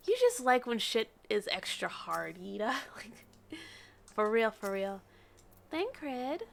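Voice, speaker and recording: A woman's voice: a little high, very animated, slow, vocal fry, pauses often. A young woman streaming a game live, chatting playfully, teasing the characters and laughing often.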